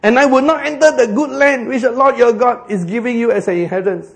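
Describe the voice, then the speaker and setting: A man's voice: very high-pitched, fast talker, vocal fry, voice pushed up. A man voicing an exasperated old male prophet who blames his people in a huffy, wailing Singaporean English voice.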